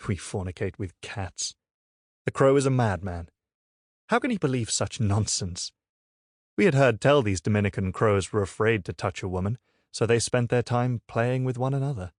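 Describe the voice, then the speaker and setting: A man's voice: on the low side, lively intonation, moderate pace, dry recording, studio quality, close to an everyday voice. A man doing Kara, a taunting young village woman. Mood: wry. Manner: mocking crow cries, then wry hushed inner musing.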